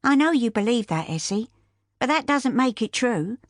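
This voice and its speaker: Practical, steady aunt figure, brisk and firm, put on by a woman narrator, pitched above the reader's own voice. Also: no echo, studio quality, natural voice. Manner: brisk, stern, comforting. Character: brisk, practical older woman, family friend.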